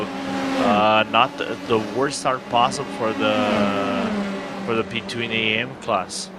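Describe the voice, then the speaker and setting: Lower-voiced male color commentator. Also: heavy background noise. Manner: casual, many fillers and restarts, non-native phrasing. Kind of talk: sim racing analysis commentary.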